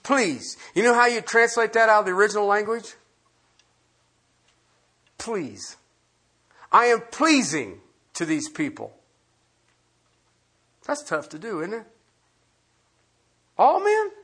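A man's voice: sits high, big pitch swings, slow pace, pauses often, bright, forceful tone. A man preaching a sermon as pastor, emphatic and quizzing the congregation with questions.

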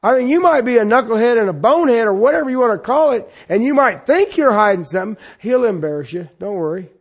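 A man preaching a sermon in a folksy, humorous way, talking straight to his listeners and swinging between loud exclamations and quiet, intimate asides. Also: very high-pitched, expressive, fast, slightly rough.

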